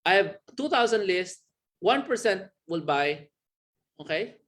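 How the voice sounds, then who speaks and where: A man with a Filipino accent teaches an online business lesson. His voice sits a little high for a man and bounces up and down, with small laughs along the way. He keeps pulling the listener in with quick check-in questions. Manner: animated, with sudden pitch jumps and small laughs. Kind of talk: recorded training lecture.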